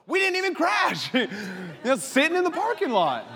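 A male pastor preaching a sermon, telling stories with laughter and dropping to a soft voice for prayers. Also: extremely high pitch, moderate pace, crowd noise, noisy background. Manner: animated storytelling preacher, laughs often, drops to soft prayer voice. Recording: long hall reverb with faint music.

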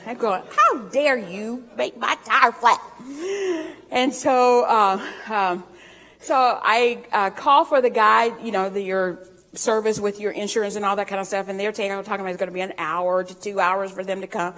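A woman's voice: medium pitch, steady tone, normal speed, fairly bright tone, long reverb tail. A woman preaching a sermon in a folksy storytelling way, laughing often and drawing out scripture readings.

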